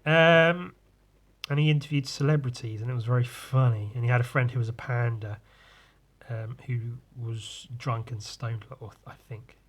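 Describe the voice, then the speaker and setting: Tipsy guy rambling on his podcast, kinda husky, loses his train of thought a lot. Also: mid-range voice, fairly even intonation, moderate pace. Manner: meandering, trails off and restarts often. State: tipsy, lightheaded from drinking. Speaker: podcast host. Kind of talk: rambling casual monologue.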